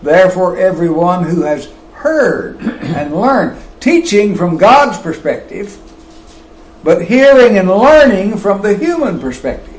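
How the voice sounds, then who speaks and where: A man preaching a sermon, slow and emphatic, with wide swings of pitch and loudness. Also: sing-song, echoey room, poor audio.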